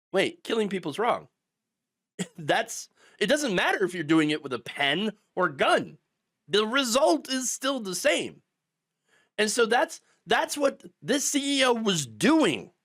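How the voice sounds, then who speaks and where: Sarcastic, lively-voiced male commentator. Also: high voice. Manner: sarcastic, mocking voices of opponents. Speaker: political commentary host. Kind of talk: ranting political commentary.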